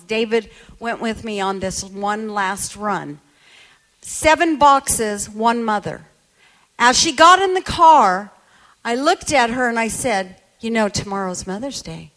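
A woman's voice: high-pitched, a bit bright. A woman preacher telling a story in a sermon, emphatic and quoting people as she goes.

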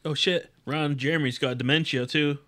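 A man's voice: a little high, fairly even intonation, moderate pace, a bit bright. A man co-hosting a casual podcast, swearing freely while sharing news and gossip. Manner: profane, brings up news and gossip. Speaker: podcast co-host. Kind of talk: casual chat.

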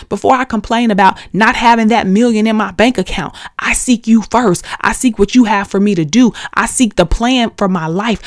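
A woman's voice: medium pitch, no room sound, studio quality. Emphatic woman preaching on a podcast. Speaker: podcast host. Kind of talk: motivational faith talk.

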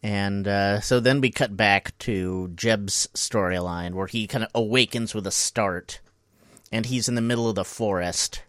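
A man co-hosting a comedy podcast, retelling a surreal episode in a deadpan, storytelling way. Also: on the low side, measured pace, dry recording, clean studio sound. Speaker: podcast co-host. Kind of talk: casual comedic recap chat.

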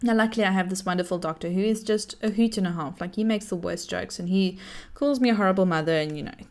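A woman, telling a personal story to camera in a chatty, animated way and laughing often. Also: medium pitch, fast. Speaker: vlogger.

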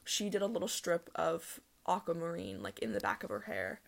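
A young woman hosting a casual solo podcast, talking fast and rambling with lots of "like" and laughs. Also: on the low side, sing-song, creaky. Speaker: podcast host.

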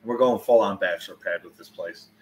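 Talking a little fast in a low voice, this forty-something livestreamer answers viewers in a loose, rambling way. He curses freely and grows loud whenever he launches into a story.

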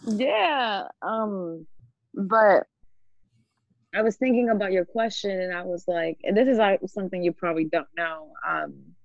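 A woman's voice: mid-range voice, unhurried, no room sound. Casual woman podcast host, dry muffled sound. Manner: laughs often, fillers and restarts. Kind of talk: casual chat and poetry reading.

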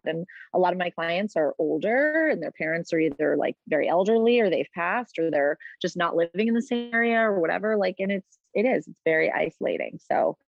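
A woman's voice: fairly low pitch, gravelly, dry recording, dull audio. A woman guest in a casual interview, talking in an earnest, chatty way, full of "like" and "you know". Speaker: interview guest, postpartum doula business founder.

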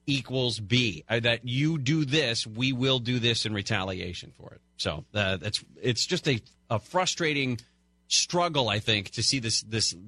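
A man's voice: mid-range voice, bright, forceful tone, no room sound. A man co-hosting a talk radio show, chatting conversationally with fillers and restarts. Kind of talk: casual talk radio chat.

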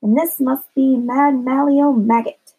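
A woman's voice: high voice, fairly even intonation, a little slow, warm tone, husky, heavily acted. Woman voicing a feisty young girl. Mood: sassy. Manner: spirited, sassy. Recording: dull lo-fi recording.

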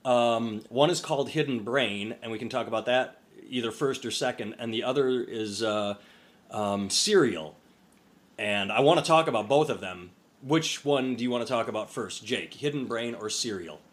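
A man's voice: mid-range voice, normal speed. A man co-hosting a podcast, telling a long story in casual chat with restarts and swearing. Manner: rambling, animated storyteller with profanity and restarts. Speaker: podcast co-host. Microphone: over a phone-computer call.

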